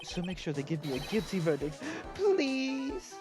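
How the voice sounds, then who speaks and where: A blunt young thief confessing his crime in a flat, matter-of-fact read, as a man voices him over a game. The pitch still swings widely from line to line, with game music behind him. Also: unhurried, exaggerated voice.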